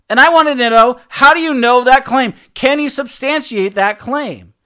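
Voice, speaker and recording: A man's voice: very high-pitched, normal speed, bright, forceful tone, clear, resonant tone. A man preaching a sermon, telling a personal story and acting out both sides of the conversations, with frequent restarts and repeated words.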